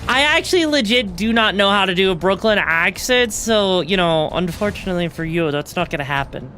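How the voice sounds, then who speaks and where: A young woman streaming a video game, reacting excitedly, swearing freely and tossing in fillers and tag questions. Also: mid-range voice, brisk, faint music behind. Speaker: VTuber streamer. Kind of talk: live gameplay commentary.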